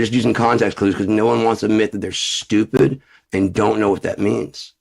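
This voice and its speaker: A man with a very low, deep voice ranting into the camera. He swears in nearly every sentence and drops into muttered asides between his complaints. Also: steady tone, moderate pace, gravelly. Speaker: vlogger. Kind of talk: profane ranting monologue.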